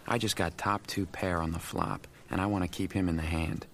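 An actor playing a cool, calculating young male poker player who reasons calmly through each move. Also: low-pitched. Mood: focused. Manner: calm, measured reasoning. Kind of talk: film voice-over and dialogue.

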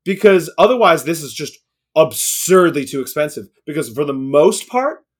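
Chatty young man with a higher voice. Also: very animated, normal speed. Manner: rambling, opinionated, frequent restarts and laughs. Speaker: card game podcast co-host. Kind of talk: casual card review chat.

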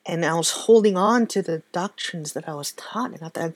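A woman giving a personal faith testimony in a soft-spoken, halting, reflective way. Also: fairly low pitch, no echo. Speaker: speaker sharing a faith testimony.

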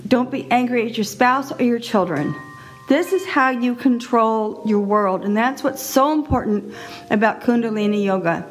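A middle-aged woman hosting a casual solo podcast, chatty and animated, laughing often. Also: a little high, moderate pace, soft background music. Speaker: podcast host.

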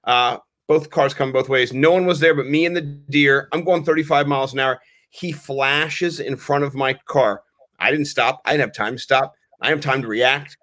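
A man in his thirties co-hosting a podcast, telling rambling, animated stories in casual chat with some swearing. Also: mid-range voice, normal speed. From Maryland, US. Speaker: podcast co-host.

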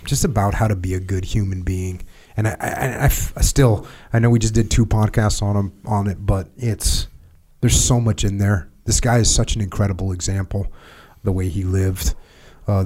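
A man from the United States hosting a podcast, talking in an earnest, halting way with many restarts and fillers. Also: low voice, warm tone, slightly rough. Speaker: podcast host. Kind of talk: casual podcast chat.

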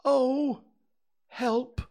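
A man voices a slow, simple-minded bear from a storybook, pitched well up and dawdling over every word. He hesitates and trails off, starting many lines with a small "uh". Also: fairly even intonation, creaky, mellow, exaggerated voice. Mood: fretful.

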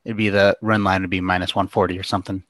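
A man co-hosting a casual chat, easygoing and quick to chime in with agreement. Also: sits low, little pitch movement, fairly bright tone, no echo, studio quality. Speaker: co-host.

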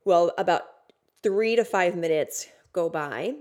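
Woman podcaster, low voice, casual and intense storytelling with fillers and curses. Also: normal speed, darkish tone. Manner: casual, filler-heavy, swearing, intense retelling. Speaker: podcast host. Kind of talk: personal storytelling monologue.

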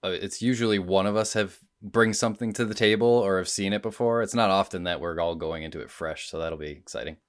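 A man with a deep, low voice co-hosts a casual podcast. He speaks in a calm, matter-of-fact way. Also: fast talker, few pauses. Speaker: podcast co-host.

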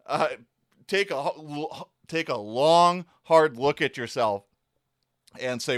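A man's voice: fairly high pitch, measured pace, fairly bright tone, dry recording, studio quality. A man hosting his own podcast, ranting in a sarcastic, worked-up way and swearing often. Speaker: podcast host. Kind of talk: casual ranting commentary.

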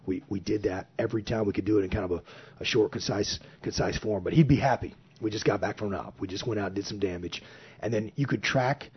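Husky man telling war stories. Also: fairly low pitch, fast talker. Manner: animated, acts out quoted remarks in his telling. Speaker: podcast guest, former Navy platoon officer. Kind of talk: casual storytelling. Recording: dull lo-fi recording.

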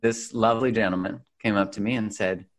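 Very deep-voiced, chatty podcast host. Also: male voice, fairly even intonation, brisk. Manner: enthusiastic, loose and chatty, with many fillers. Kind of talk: casual podcast chat.

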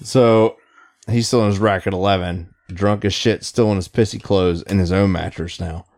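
A man's voice: deep voice, normal speed. A man who served as a Navy petty officer, telling a profane story in casual chat with friends. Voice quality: swears constantly, animated storytelling.

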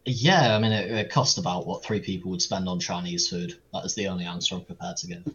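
A man's voice: low-pitched, steady tone, fast, fairly bright tone, lo-fi sound, slight background noise. A British man guesting on a podcast in casual interview chat, with a dry, wry humour.

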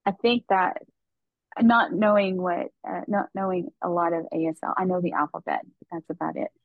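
A woman's voice: on the low side, fairly even intonation, normal speed, vocal fry, no echo. A woman in a casual podcast discussion, speaking earnestly. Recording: dull lo-fi mic.

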